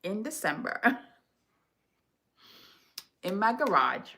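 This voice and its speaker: A woman from Jamaica, a home decor vlogger, telling stories to her viewers in an animated, chatty, dramatic way. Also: medium pitch, takes it slowly. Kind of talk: casual storytelling to viewers.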